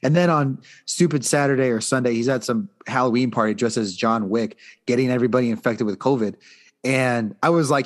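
A man's voice: medium pitch, a little fast. A man co-hosting a casual sports talk show, ranting in a fired-up, profane way. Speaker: podcast co-host.

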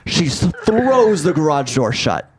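A man in his twenties, a podcast co-host, telling a story in a casual, animated way, swearing freely and acting out what people said. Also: a little high, measured pace, a little hiss or hum. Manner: animated, swearing, acts out quotes.

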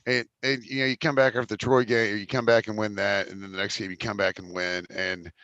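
A man's voice: on the low side, flat delivery, a little fast, sharp tone, no echo, muffled recording. Rambling young man co-hosting a podcast. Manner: rambling with many fillers and restarts. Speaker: podcast co-host. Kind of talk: casual chat. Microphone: remote call.

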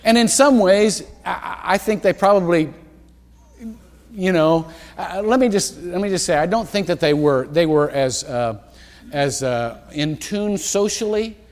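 A male pastor delivers a sermon in a church sanctuary. His voice sits high and swings widely in pitch as he breaks into himself with side remarks and soft chuckles. A long church reverb trails each phrase. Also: animated. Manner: rambling, self-interrupting, with quick asides and chuckles.

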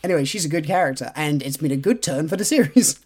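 A man's voice: fairly high pitch, expressive, fast talker, background noise. A man co-hosting a podcast in casual book chat, teasing his co-host playfully and laughing often.

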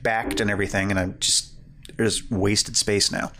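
A man's voice: on the low side, little pitch movement, normal speed, bright, forceful tone. A man co-hosting a podcast, chatting casually about comics with frequent laughs and rambling asides. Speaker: podcast co-host. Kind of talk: casual chat.

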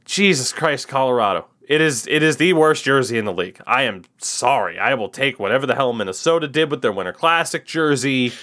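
A man's voice: medium pitch, expressive, fairly quick, hardly any pauses, a bit bright. A man hosting a casual podcast, talking in an opinionated, rambling way. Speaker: podcast host. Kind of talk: casual hockey podcast chat.

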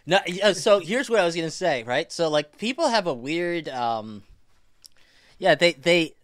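A man chatting casually as a podcast guest, rambling with many restarts and fillers, and getting animated when he retells a story. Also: a little high, normal speed, no room sound, studio quality. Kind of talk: casual chat.

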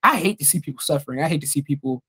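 A young man talks openly on a casual podcast, earnest and heartfelt, with plenty of swearing. His voice sits fairly high for a man. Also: lively intonation, very fast, pushed and bright, slightly rough. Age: young adult. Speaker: podcast host.

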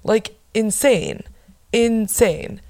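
A young woman hosting her own podcast, chatting casually and bluntly with lots of swearing and animated bursts of emphasis. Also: medium pitch, extremely slow, creaky. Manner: blunt, profane, gossipy. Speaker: podcast host. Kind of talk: casual solo podcast chat.

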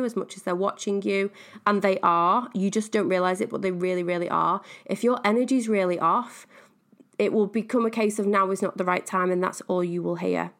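A woman's voice: mid-range voice, vocal fry. A woman business coach hosting her own podcast, talking casually and animatedly, laughing often and wandering off on tangents. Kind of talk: casual solo podcast talk.

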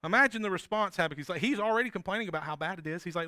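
A man's voice: sits high, racing, hardly any pauses, pushed and bright, clean tone, dry recording, clean studio sound. A man preaching a sermon as pastor, talking in an earnest, conversational way with frequent restarts and tag questions.

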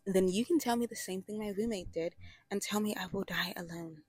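A woman's voice: medium pitch, a little fast, slightly rough, no room sound. A young woman giving a sassy, dramatic, rambling monologue to camera, full of asides and laughs. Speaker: vlogger. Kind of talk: casual opinionated monologue.

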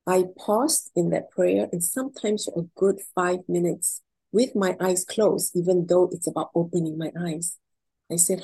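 A woman's voice: on the low side, creaky, breathy edge, rough recording. A woman speaking as a guest, giving inspirational advice and telling stories with acted-out dialogue. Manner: animated, acts out dialogue in a story. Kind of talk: inspirational talk with storytelling.

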